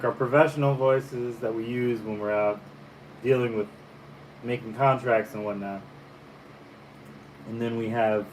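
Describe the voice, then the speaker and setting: Relaxed man telling a story. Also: lowish voice, low-quality recording. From Caribbean. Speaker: painter and vlogger. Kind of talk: casual breakfast vlog chat. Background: faint fan hum.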